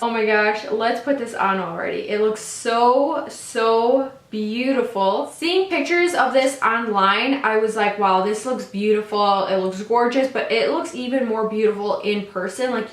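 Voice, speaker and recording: A woman with a fairly high voice gushes through a casual makeup tutorial, piling on exclamations. Her voice rings in an echoey room. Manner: gushing, effusive, full of exclamations. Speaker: makeup vlogger.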